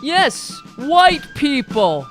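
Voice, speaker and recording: A blustering, flag-waving patriot man with a put-on New York accent, as a woman puts him on, bellowing slogans in a satire rant. He sounds high for a man, and he talks slowly, leaning on each word. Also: big pitch swings, soft background music, exaggerated voice. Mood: mocking. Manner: bombastic, declaiming slogans.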